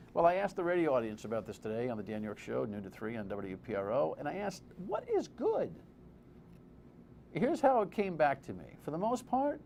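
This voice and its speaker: A man's voice: a little high, gravelly, dark tone. Blunt, sarcastic TV commentator man. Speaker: TV host and commentator. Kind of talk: opinionated TV commentary. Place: TV studio. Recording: faint background noise.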